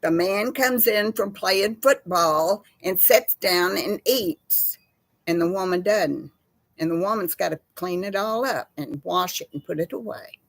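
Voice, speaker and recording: A Texan woman, older, hosting a casual chat from her home kitchen in a slow folksy drawl. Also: fairly low pitch, gravelly, no room sound. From Texas. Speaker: host. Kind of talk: casual chat with live chat viewers.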